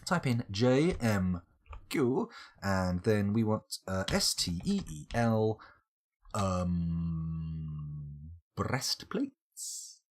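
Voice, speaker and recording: A man chats his way through a game on a live stream, wandering into silly tangents and enjoying odd words. His voice is slightly husky, and his pitch leaps around animatedly from line to line. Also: fairly bright tone. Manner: rambling, playful tangents and wordplay. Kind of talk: casual live-stream gameplay commentary.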